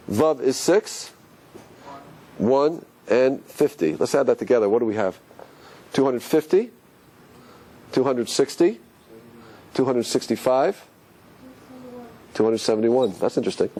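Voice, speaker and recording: Heard through a rough recording with slight background noise, a man teaching as a rabbi gives a lively classroom lecture on religion. He's animated, questions his listeners, and lets his pitch swing as he explains.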